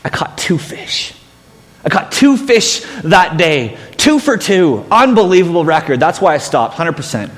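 A man's voice: fairly high pitch, sing-song, normal speed, few pauses, long reverb tail. A man preaching a sermon as pastor, telling stories with self-mocking humor.

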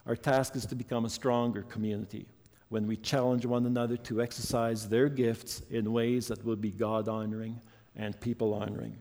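A man's voice: mid-range voice, level tone, normal speed, a little mellow. Earnest guy preaching a sermon, storytelling, lots of hall reverb.

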